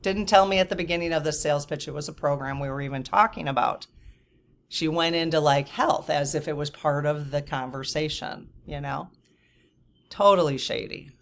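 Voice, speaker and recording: A woman in her fifties telling a story to camera in a casual, animated and indignant way, with lots of fillers and asides. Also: deep voice, normal speed. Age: 50s. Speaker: vlogger.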